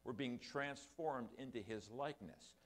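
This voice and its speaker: A man's voice: medium pitch, unhurried. Older man, church pastor, rambling sermon delivery. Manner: rambling, self-deprecating asides. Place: church sanctuary.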